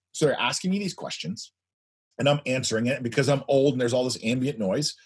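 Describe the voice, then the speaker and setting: A man in his fifties, a guest telling a story in a loud, animated way. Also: medium pitch, quick pace, slightly rough. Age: 50s. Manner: animated, speaks loudly. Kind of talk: anecdotal storytelling.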